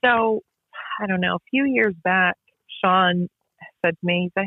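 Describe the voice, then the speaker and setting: A woman's voice: fairly low pitch, a little slow, long pauses, no room sound. A woman, a basketball referee, tells stories in a casual interview, emphatic and repetitive. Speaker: basketball referee and podcast guest. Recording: tinny phone-line sound.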